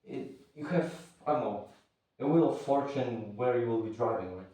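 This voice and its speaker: A man's voice: mid-range voice, moderate pace, dark tone, far from the mic. A man with as his teaches a martial arts lesson in an offhand, rambling way, stopping to search for words. He stands well back from the mic, and his voice rings around a very echoey room. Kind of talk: casual spoken lesson.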